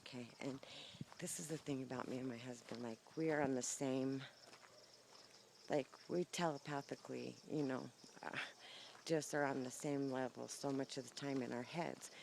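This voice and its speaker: A woman's voice: extremely low pitch, normal speed, gravelly, slight background noise. Rambling, shaky woman vlogging outdoors. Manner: rambling, animated storytelling with many fillers. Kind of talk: casual rambling vlog. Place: outdoors by the horses. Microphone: phone's built-in mic, no clip-on mic.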